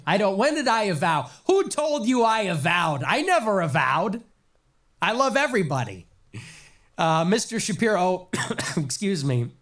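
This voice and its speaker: A high-voiced man delivers a sarcastic commentary monologue with a wide, swooping pitch. He mocks and stresses his points in long emphatic lists. A nagging cough keeps breaking through. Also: a bit bright. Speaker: political commentator.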